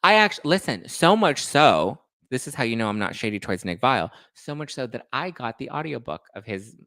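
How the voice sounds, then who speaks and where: Animated gossipy man hosting a chat. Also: medium pitch, fairly quick, gravelly, no room sound, clean studio sound. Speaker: host. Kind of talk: casual chat.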